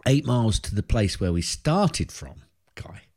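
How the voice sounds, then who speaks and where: Lively English man, husky voice. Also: lowish voice, a little slow. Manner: jokey, animated, laughs easily. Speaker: podcast co-host. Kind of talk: casual chat.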